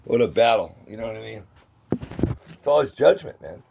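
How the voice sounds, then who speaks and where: A man's voice: lowish voice, expressive, moderate pace, gravelly, background noise. A middle-aged man talking to the camera in a rambling casual vlog, chatty and meandering, with grumbling asides. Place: outdoors near a dumpster.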